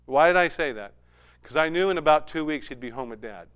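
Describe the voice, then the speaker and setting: A middle-aged man preaching a sermon in a smooth, resonant voice that sits fairly high for a man. He tells a family story and builds to emphatic, climbing peaks. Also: animated, fast, a bit bright. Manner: storytelling, rising to emphatic heights. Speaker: pastor.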